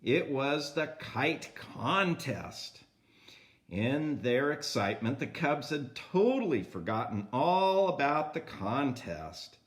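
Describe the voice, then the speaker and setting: An older man reading a picture book aloud to a grandchild, pausing to point at the pictures and comment on them. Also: mid-range voice, very animated.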